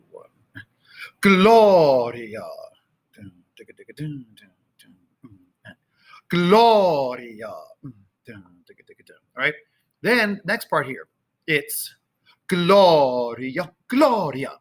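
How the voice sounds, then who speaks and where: A man teaching a choir, talking casually and singing out phrases slowly to show how they go. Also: medium pitch, wildly swooping pitch, bright, forceful tone, husky. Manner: sings and chants phrases slowly to demonstrate; conversational with fillers. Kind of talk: choral rehearsal instruction. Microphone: camera, sometimes moving off it.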